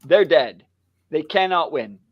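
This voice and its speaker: A man co-hosting a casual book chat, an animated storyteller who laughs a lot and acts out the lines he quotes. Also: a little high, a little slow, dry recording, dull audio. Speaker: book club co-host.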